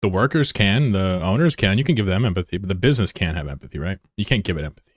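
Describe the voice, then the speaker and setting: A young man telling a story in casual, self-mocking chat, animated as he retells it. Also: low voice, quick pace, dry recording, clean studio sound. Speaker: streamer. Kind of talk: casual storytelling while gaming.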